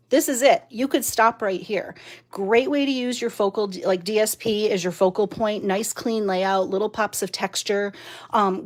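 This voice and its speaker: A woman leading a chatty live-stream craft demo from her home craft room, laughing often and using lots of fillers, recorded by a mounted camera. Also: mid-range voice. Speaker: card-making demonstrator.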